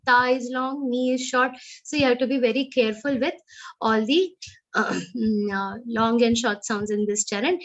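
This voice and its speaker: A woman with an Indian English accent teaching Sanskrit verse recitation in an online class, correcting pronunciation and chanting lines slowly. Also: sits high, fairly bright tone, highs cut off. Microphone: video call.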